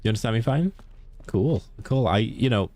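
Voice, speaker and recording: A man's voice: on the low side, animated, moderate pace, darkish tone. A man with a Welsh accent, a game streamer chatting casually and jokingly with his viewers. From Wales. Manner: chatty, joking, laughs easily. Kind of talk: casual chat with viewers while gaming.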